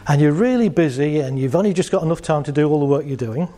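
Chatty man with a mellow voice. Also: on the high side, lively intonation, fast talker. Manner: chatty, jokey, laughs at his own stories. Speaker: speaker giving a talk on assertiveness. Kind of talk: casual talk to a live audience.

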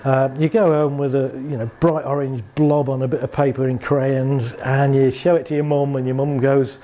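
A man's voice: mid-range voice, little pitch movement, moderate pace, warm tone. A man giving a chatty talk on anxiety to an audience, acting out little scenes and laughing along. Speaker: speaker on anxiety and relationships.

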